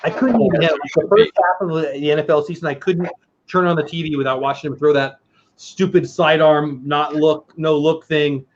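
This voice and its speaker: A man with a fairly high voice hosting a casual livestream. He rambles and jokes at his own expense. His audio comes through muffled and lo-fi. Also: fairly even intonation, brisk, slight background noise. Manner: rambling, self-deprecating, joking. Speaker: livestream host. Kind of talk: casual chat.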